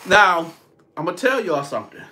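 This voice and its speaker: A man with a high, bright voice tells a story in a loose, animated style. He talks straight to his viewers as he goes. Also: normal speed, slight background noise. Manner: animated, addresses viewers directly. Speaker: storytelling vlogger. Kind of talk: casual storytime.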